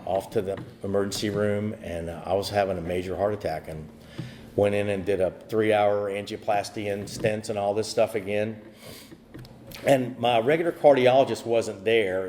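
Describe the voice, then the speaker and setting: At a meeting, an American AA speaker tells his personal recovery story, rambling with many fillers and restarts. His voice sits on the low side and is a little mellow, with slight hiss or hum.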